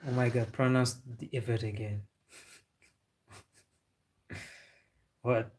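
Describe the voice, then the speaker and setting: Young guy on his livestream, flat-ish voice, chatty, laughs a lot answering chat. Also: medium pitch, takes it slowly. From Senegal. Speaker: football livestream host.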